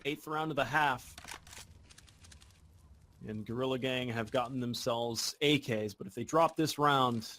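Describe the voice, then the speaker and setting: A man casting an esports match with play-by-play commentary, talking in quick, excitable bursts. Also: mid-range voice. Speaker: esports caster.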